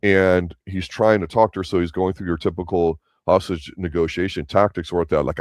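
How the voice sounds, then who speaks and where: A man co-hosting a casual review show, speaking in a measured, opinionated way as he breaks down scenes. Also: low voice, steady tone, dry recording, clean studio sound. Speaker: podcast co-host.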